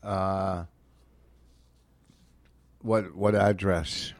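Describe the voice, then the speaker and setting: A man's voice: deep voice, little pitch movement, very slow. An older man co-hosting a comedy podcast, bluntly teasing his co-host in playful banter. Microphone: studio microphone.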